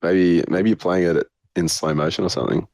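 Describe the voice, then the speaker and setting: A man's voice: deep voice, fairly even intonation, a little fast, a little mellow, no room sound. A young man co-hosting a casual podcast, dropping dry offhand one-liners and laughing a lot. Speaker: podcast co-host. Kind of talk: casual chat.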